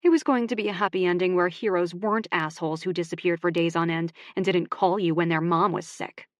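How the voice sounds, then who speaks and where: Calm woman audiobook narrator. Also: on the low side, a little fast, no room sound.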